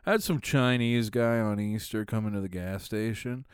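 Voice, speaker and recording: A young man co-hosting a casual chat, laughing often while telling quick stories. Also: lowish voice, clean tone, no room sound, clean studio sound. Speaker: podcast co-host.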